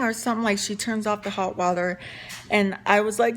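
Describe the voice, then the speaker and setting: A young woman tells a story to her viewers in a chatty, rambling way, full of fillers and restarts. Her voice sits at a middle pitch, with a faint hiss behind it. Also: flat delivery, fairly quick. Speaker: vlogger. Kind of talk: casual story time.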